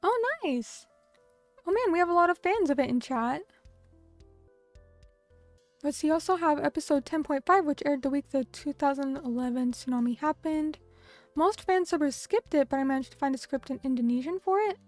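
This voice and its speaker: A woman's voice: sits high, fairly quick, no echo, faint music behind. A young woman streaming, chatting casually with her viewers and reacting to their comments in a bubbly, chatty way. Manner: bubbly and chatty, reading out chat comments, many fillers.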